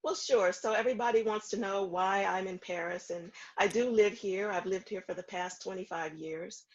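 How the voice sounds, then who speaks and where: A woman in her fifties from the American South, a foundation founder calmly recounting her story in a remote interview, with steady ums. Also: mid-range voice, lo-fi sound. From Houston, Texas. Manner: measured, reflective storytelling with frequent ums.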